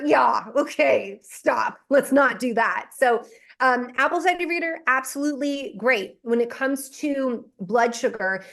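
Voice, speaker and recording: A woman in her forties with a fairly high voice talks animatedly as a guest expert. She explains at length, drops in "okay?" to check on her listener, and laughs often. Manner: emphatic, explains with frequent "okay?" asides and laughter. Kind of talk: animated podcast conversation.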